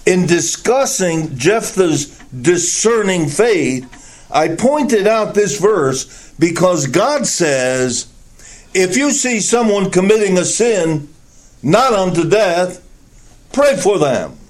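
A man preaching a sermon, teaching slowly and deliberately from the Bible with emphatic stresses. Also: high-pitched, big pitch swings.

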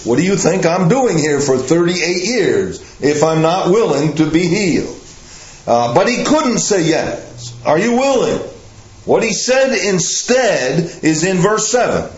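A man preaching a sermon in a slow, emphatic way, putting questions to his listeners. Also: on the high side, big pitch swings. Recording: echoey room, slightly dull sound.

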